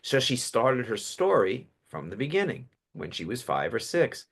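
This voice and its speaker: A man in his fifties, a public speaking coach interviewed as a guest, telling stories with animated delivery. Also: mid-range voice, normal speed, gravelly, husky. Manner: animated storyteller, acts out voices. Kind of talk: casual podcast interview.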